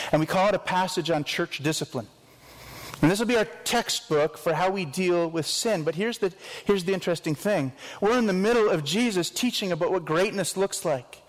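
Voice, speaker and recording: A man's voice: fairly high pitch, big-room sound, rough recording. A man preaching a sermon as pastor, earnest and conversational with self-deprecating asides.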